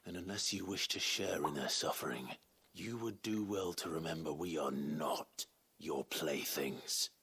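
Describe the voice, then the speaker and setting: An actor playing a stern, terse warrior in a video game cutscene. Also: male voice, extremely low pitch, unhurried, fairly bright tone, breathy edge, heavily acted. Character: gruff, stern grown warrior.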